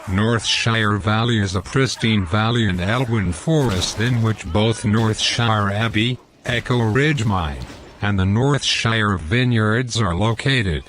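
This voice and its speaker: A man narrating a game walkthrough, deliberately reading out lore and in-game quotes. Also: on the low side, fairly bright tone, a little hiss or hum. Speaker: gameplay commentator.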